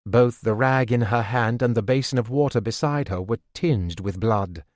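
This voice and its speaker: Steady male audiobook narrator, dry sound. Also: medium pitch, normal speed, dry recording. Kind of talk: scripted narration.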